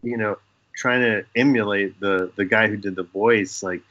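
A man's voice: on the low side, moderate pace, no room sound. A man who is a guest on a podcast about special effects makeup, chatting casually and telling stories with quoted dialogue. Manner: animated storyteller acting out quoted dialogue. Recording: dull dry lo-fi sound.

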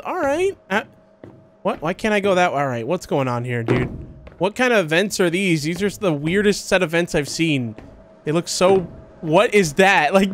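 High, lively man gaming. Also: a little hiss or hum. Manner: excitable, bursts into high yelps and laughter when chased; confused running commentary on the game. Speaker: gaming video host. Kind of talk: horror game let's play commentary.

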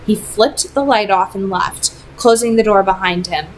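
A woman reading a novel aloud in measured narration that slows on emotional passages. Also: mid-range voice, a little hiss or hum, low-quality recording.

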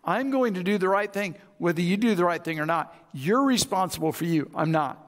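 Pastor preaching in a big hall. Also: male voice, sits high, expressive, a little fast. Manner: conversational preaching, acts out both sides of arguments. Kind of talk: sermon. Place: large church auditorium.

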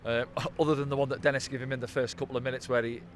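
Quick talking football pundit guy, chatty, lots of "didn't they", faint traffic behind. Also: medium pitch, flat delivery. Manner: conversational, tag questions like "didn't they?". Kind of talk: post-match analysis chat. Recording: faint outdoor traffic noise.

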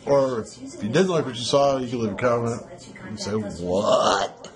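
A man chatting on a casual couple vlog in a playful, joking way, his pitch swinging widely as he talks. He laughs often, and crowd chatter sits in the background. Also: wildly swooping pitch, normal speed. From Chicago. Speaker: vlogger.

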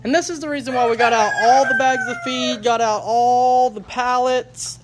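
A man's voice: very high-pitched, steady tone, normal speed, noisy background. A man hosting a casual farm vlog, upbeat and joking, who repeats words for emphasis. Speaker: homestead vlogger.

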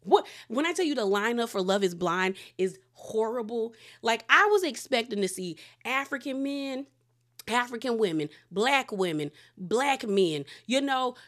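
A woman from the Washington DC area giving a chatty, opinionated recap of a reality show, her pitch jumping up when she gets excited. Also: a little slow. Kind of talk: casual recap commentary.

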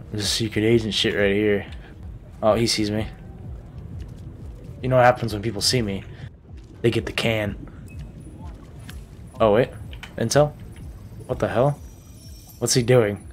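A man's voice: on the low side, fairly even intonation, slow, long pauses. A man giving joking, profane gameplay commentary, talking to himself as he plays. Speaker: gaming YouTuber.

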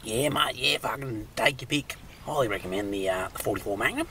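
A man's voice: medium pitch, fairly quick, pushed and bright, slight background noise, lightly acted. A man voicing a brash, gun-loving Australian bloke in an adult cartoon, swearing constantly in a blunt, matey way, with an Australian accent. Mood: boastful.

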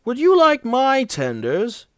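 A man's voice: sits high, very animated, slow pace, fairly bright tone, clear, resonant tone, no echo, studio quality, voice pushed up, full character voice. A man voicing a clever, cheeky little male tank engine with a sly, knowing tone.

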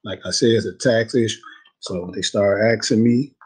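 A man's voice: fairly low pitch, normal speed, darkish tone, husky, low-quality recording. A young man telling a story in a casual interview, slangy and rambling, laughing easily. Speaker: guest telling his story.

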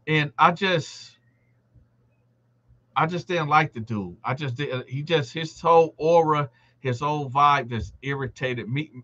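A man hosts a live stream and tells a prison story in a loose, conversational way. His voice is bright and cutting and sits a bit high for a man. He acts out the other inmates' lines, and the dull, lo-fi stream audio takes the top off the sound. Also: a little slow. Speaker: livestream host telling a prison story. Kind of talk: casual storytelling to a live audience.

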